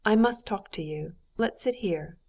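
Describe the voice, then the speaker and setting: A woman's voice: mid-range voice, measured pace, mellow. A woman voicing a distressed noblewoman pleading for her friend in an audiobook, earnest and lifted in tone. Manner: earnest, pleading, raised and tearful. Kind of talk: audiobook character reading.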